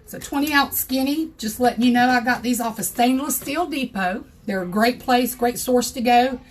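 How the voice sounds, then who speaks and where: An older woman from South Carolina with a Southern accent, her voice hoarse, chatting in a folksy way as she hosts a crafting livestream tutorial from her home craft room. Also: on the high side, moderate pace, slight background noise. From South Carolina, USA. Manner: chatty, folksy, greets viewers by name.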